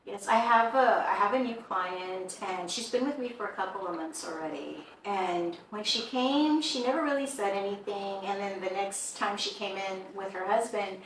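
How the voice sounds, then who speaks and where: A woman's voice: medium pitch, normal speed, few pauses. A woman who owns a shop tells of strange events in casual conversation, acting out what people said. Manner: animated storyteller who acts out quoted dialogue. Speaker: shop owner and tattoo artist. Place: indoors in a shop. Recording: echoey room, mic some distance off, faint background hum.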